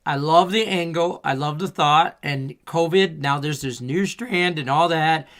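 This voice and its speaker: A man's voice: a little high, a little slow, fairly bright tone. A man hosting a casual sports betting show, reading viewer chat messages aloud in an upbeat way. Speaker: podcast host.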